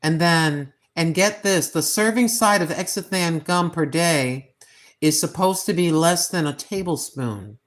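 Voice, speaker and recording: A woman in her sixties hosting a cooking livestream, chatting in a folksy way and repeating her points slowly for emphasis. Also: on the low side. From United States. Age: 60s. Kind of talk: casual livestream chat.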